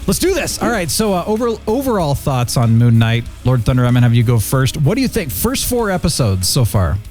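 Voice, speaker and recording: A man's voice: huge pitch swings, brisk, a little mellow, soft background music. Upbeat jokey male show host. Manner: upbeat, jokey, with big swings in pitch. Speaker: podcast host. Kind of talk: casual review chat.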